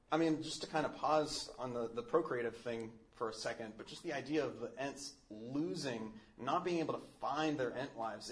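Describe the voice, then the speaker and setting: A man gives a relaxed talk on faith, with a mid-pitched voice. He is thoughtful and earnest, and he often pauses on fillers or restarts a phrase as he works his way through the ideas. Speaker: Catholic speaker. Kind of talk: casual teaching talk.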